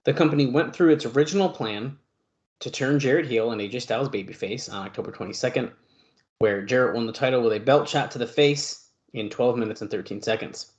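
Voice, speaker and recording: Speaking fairly quickly in a mid-range voice, a man co-hosts a podcast and reads out lengthy news items, padding them with fillers and asides. The audio sounds dull.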